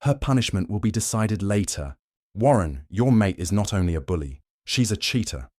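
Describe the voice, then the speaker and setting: A man's voice: low-pitched, lively intonation, normal speed, darkish tone, no echo, clean studio sound. A man voicing a cold, cutting werewolf queen. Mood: commanding. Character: fierce commanding young werewolf Luna woman.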